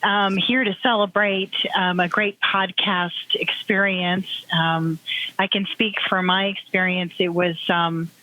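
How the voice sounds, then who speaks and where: A woman podcast guest in a casual group check-in, earnest and measured, with frequent ums. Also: fairly low pitch, little pitch movement, pushed and bright, a little hiss or hum, low-quality recording.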